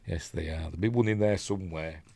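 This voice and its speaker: A man's voice: low-pitched, fast talker, creaky, mellow, no room sound. A man with a Yorkshire accent chatting casually through a film review, rambling with lots of fillers and restarts. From Yorkshire, England. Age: middle-aged. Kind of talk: casual live commentary on a film.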